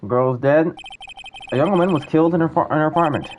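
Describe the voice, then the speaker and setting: A man's voice: fairly high pitch, brisk, a little hiss or hum, natural voice. A man reading an earnest rookie male lawyer. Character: young male rookie defense attorney, earnest.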